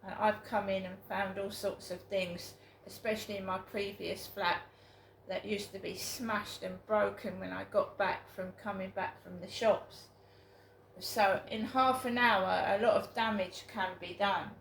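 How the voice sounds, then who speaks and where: Slow, gravelly British woman vlogging. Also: mid-range voice, fairly even intonation, a bit bright. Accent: British English. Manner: aggrieved, rambling, repeats herself for emphasis. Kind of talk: casual vlog monologue. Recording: echoey room with faint ambient noise.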